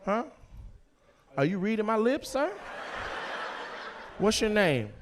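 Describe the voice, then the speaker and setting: A man doing loud, teasing crowd work as a stand-up comedian on a comedy club stage, with a handheld mic. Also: high voice, big pitch swings, slight background noise. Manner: loud, teasing, quick-jumping between voices.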